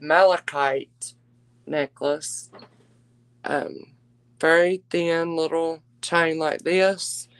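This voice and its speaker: A woman's voice: sits low, dry recording. A woman hosting a live-stream jewelry auction, chatting with viewers and calling them darling. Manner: chatty, warm endearments to viewers.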